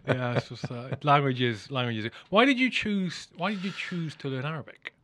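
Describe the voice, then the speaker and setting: A man hosting a casual interview, animated and telling stories, sometimes swearing and mimicking with loud exclamations. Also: mid-range voice, normal speed. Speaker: podcast host.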